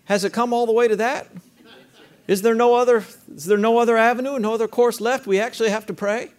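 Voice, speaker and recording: A man's voice: very high-pitched, fairly even intonation, quick pace. A man preaching a sermon as pastor, talking conversationally with rhetorical questions and leading the congregation in call-and-response.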